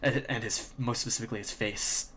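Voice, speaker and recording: A man running a tabletop game as game master, narrating in slow, drawn-out descriptions. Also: medium pitch, fairly even intonation, pushed and bright, slight background noise. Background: faint music.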